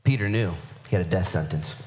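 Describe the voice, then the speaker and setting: A man's voice: low voice, brisk. A male pastor preaching a sermon and telling stories with acted-out quotes. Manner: animated storytelling with acted-out quotes.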